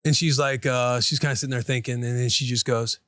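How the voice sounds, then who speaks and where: A man in his thirties co-hosting a podcast, telling a family story in casual chat and acting out the quotes in higher voices. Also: fairly even intonation, a little fast, a bit bright, no echo, studio quality. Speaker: podcast co-host.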